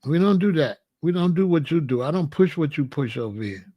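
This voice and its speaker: High-voiced guy, aave, preachy and in your face, dry close sound. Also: expressive, fairly quick, no echo, dull audio. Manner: confrontational, repeats questions, preachy. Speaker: host answering a viewer. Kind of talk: live-stream commentary.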